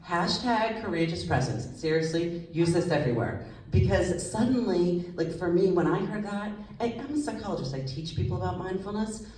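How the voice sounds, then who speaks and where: A woman psychologist giving a lively, conversational stage talk to an audience, asking them questions as she goes. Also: fairly low pitch, moderate pace, hardly any pauses, slight background noise. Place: large hall with audience. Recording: echoey hall, voice slightly distant.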